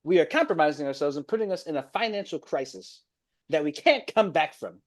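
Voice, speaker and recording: A young man with a fairly high, lively voice speaks fairly quickly while ranting about his football team on a casual reaction stream. Exasperated and dramatic, he swings from mumbled gloom to loud outbursts.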